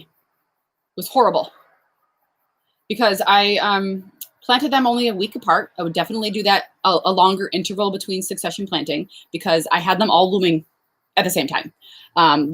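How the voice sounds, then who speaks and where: A young woman, a flower farmer, chatting casually on a live stream, answering viewer questions with lots of fillers and quick laughs. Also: mid-range voice, fairly bright tone. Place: outdoors on a farm.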